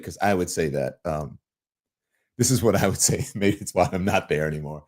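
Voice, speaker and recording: Animated Southern man hosting a livestream. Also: moderate pace. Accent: Southern US, Louisiana. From Louisiana. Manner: animated, swooping pitch, emphatic. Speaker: show host. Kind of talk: livestream commentary reading viewer comments.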